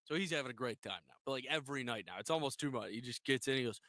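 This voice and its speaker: A man co-hosts a sports radio show and tells stories with real energy. He acts out his friends' lines as he goes. His voice is bright and forceful, and the sound is dry and close. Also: mid-range voice, rapid-fire, no echo. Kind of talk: casual on-air storytelling.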